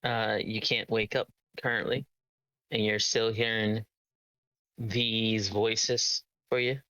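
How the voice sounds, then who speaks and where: A man's voice: fairly low pitch, flat delivery, slow pace, bright, forceful tone, no echo, poor audio. A man narrating as game master of a tabletop game, hesitant with many ums and uhs.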